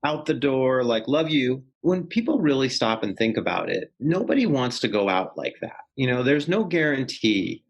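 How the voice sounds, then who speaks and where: A man who is a clinical psychologist speaks as an interview guest, reflective and unhurried, leaning on casual fillers as he thinks aloud. His voice sits at a middle pitch. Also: big pitch swings, gravelly, muffled recording. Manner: reflective and unhurried, full of "you know" and "like".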